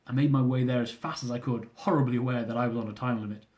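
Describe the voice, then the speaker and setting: A man's voice: mid-range voice, fairly even intonation, fast talker, a little mellow. A young man reading aloud from his own travel memoir, with dry, self-mocking humour.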